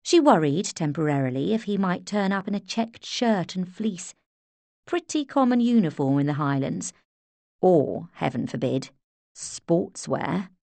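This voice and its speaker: A woman narrating an audiobook in a measured, expressive storytelling manner. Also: on the low side, vocal fry, no echo. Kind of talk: scripted narration.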